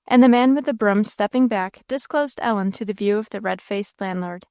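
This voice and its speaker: A woman reading a classic novel aloud in steady storybook narration. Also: mid-range voice, moderate pace, hardly any pauses, smooth, no room sound, clean studio sound. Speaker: audiobook narrator. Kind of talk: scripted narration.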